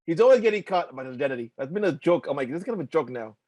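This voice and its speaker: Fast-talking rambling man, dry close sound. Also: on the high side, sing-song, a little mellow, dry recording. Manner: rambling, many "like" fillers, swears freely. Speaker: podcast co-host. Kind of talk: casual chat.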